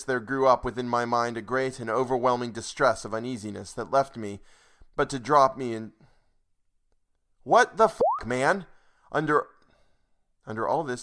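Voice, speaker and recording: A man's voice: mid-range voice, a bit bright. A man reading a book aloud at home, breaking off to rant in exasperation at the author's punctuation and to tell stories. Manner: exasperated grammar ranting at the author. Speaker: audiobook narrator. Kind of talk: audiobook reading with ranting asides. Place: home recording setup.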